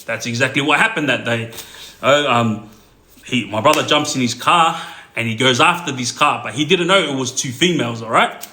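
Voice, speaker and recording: A man's voice: mid-range voice, moderate pace, sharp tone, a little hiss or hum. A man tells a rambling, filler-heavy story casually on a phone livestream. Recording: roomy echo.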